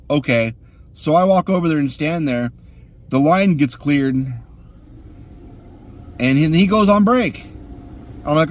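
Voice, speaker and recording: A man's voice: on the high side, animated, a little slow, long pauses. A man ranting crudely and profanely while sitting in his car. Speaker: vlogger.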